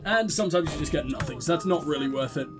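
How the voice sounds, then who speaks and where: Young male gamer, high-pitched, sardonic and profane, casual playthrough commentary over light game music. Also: expressive, fast. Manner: sarcastic, swears often. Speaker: let's play gamer.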